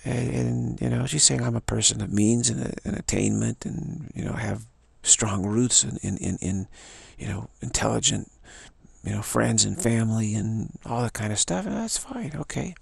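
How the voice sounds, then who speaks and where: A man's voice: medium pitch, normal speed, vocal fry, breathy edge, no room sound. An older man musing to camera in a rambling monologue, stammering, repeating himself and asking "isn't it?". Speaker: vlogger.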